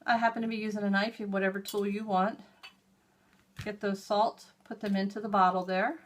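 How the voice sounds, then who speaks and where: A woman's voice: mid-range voice, flat delivery, moderate pace, a little hiss or hum. A middle-aged woman hosting a hands-on how-to demonstration, explaining each step in a chatty, homey way as she works. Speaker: host.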